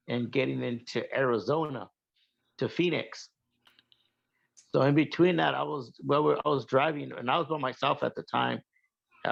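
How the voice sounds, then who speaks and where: A man casually telling about a sighting of his own, in halting, rambling speech full of restarts. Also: medium pitch, gravelly, dull audio. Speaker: guest sharing a UFO sighting. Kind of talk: casual storytelling.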